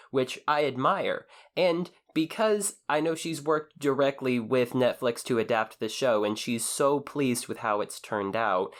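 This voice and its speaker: A man co-hosting a casual podcast, talking in an earnest, measured way as he runs through news and listener shout-outs. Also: mid-range voice. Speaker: podcast co-host.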